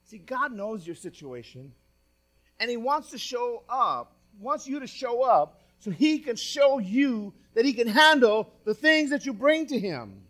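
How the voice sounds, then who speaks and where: A male pastor with a high, light voice delivers a sermon. He reads scripture with dramatic stress, rising loud on key lines and dropping to near-hushed asides. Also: very animated, a little slow. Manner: swings from loud emphatic reading to quiet asides.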